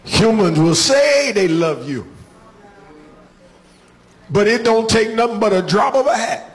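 A man preaching a sermon in a rhythmic, call-and-response style, building from quiet talk to shouted climaxes. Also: high voice, lively intonation, a little slow.

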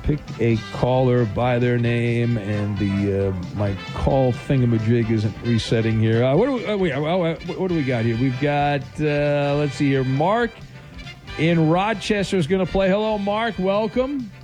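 A man's voice: mid-range voice, measured pace, over music. A man hosting a call-in game show bit on his radio show, loose and joking, rambling with lots of fillers.

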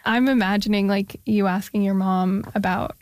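A woman's voice: medium pitch, fairly even intonation, normal speed, a little mellow, no echo, studio quality. A woman hosting an interview, asking thoughtful, conversational questions. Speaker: interviewer, host.

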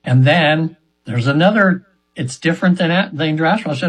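A man's voice: fairly high pitch, fairly quick, breathy edge, low-quality recording. A man in his seventies telling an earnest, rambling story as a guest in an interview. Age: 70s. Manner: earnest, rambling, many restarts. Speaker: guest, trance session practitioner.

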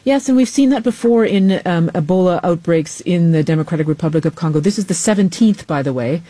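Woman correspondent, live news explainer, warm low-brightness tone, dry close sound, careful and searching. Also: dry recording. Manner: measured, with frequent ums and self-corrections. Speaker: foreign correspondent.

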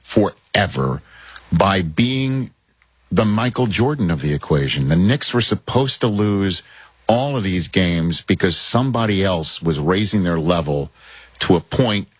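A man with a low, husky voice hosts a loose sports talk show. He talks with animation, stumbling over restarts and repeating words as he builds his point. The sound is close and dry. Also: unhurried, no room sound. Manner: animated, many restarts and repetitions.

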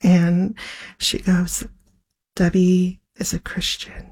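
A woman's voice: takes it slowly, slightly rough. A woman guest telling an emotional personal story, acting out the dialogue with big swings in her voice. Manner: animated, re-enacts dialogue with big pitch swings.

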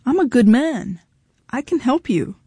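A woman's voice: high-pitched, very animated, unhurried, mellow, husky, dry recording, studio quality, voice pushed up, exaggerated voice. A woman reading the lines of a desperate, insistent husband whose voice cracks, in an audiobook. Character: desperate pleading married man.

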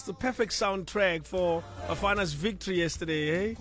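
A South African man hosting a radio call-in show, talking in an animated, excitable way. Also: high-pitched, a little fast, few pauses. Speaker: radio host. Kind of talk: casual radio call-in chat. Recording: music playing behind voice. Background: music.

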